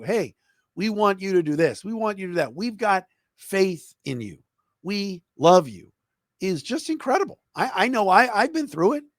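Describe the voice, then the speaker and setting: Animated, enthusiastic man hosting a sports podcast. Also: a little high, dry recording, clean studio sound. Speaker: podcast host; former radio broadcaster.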